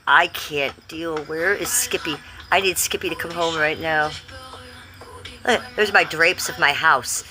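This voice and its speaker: A woman on a casual live stream from her home, rambling excitedly to her viewers and swearing freely. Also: sits low, measured pace, slight background noise. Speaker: livestreamer. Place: at home by a window.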